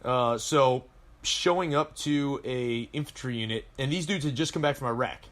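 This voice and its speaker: On a podcast, a Marine veteran in his thirties from Colorado, USA, tells long, rambling war stories in a casual chat. His middle-pitched voice moves at a moderate pace, and he swears freely as he drifts between memories.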